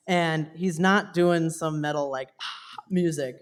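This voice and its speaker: A man's voice: on the high side, slow, fairly bright tone, clear, resonant tone, soft background music. Young man's heartfelt stage speech. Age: young adult. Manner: heartfelt, voice dropping to a whisper at times, laughing between phrases. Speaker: stage performer thanking family. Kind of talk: emotional thank-you speech to a live audience. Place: theater stage with audience.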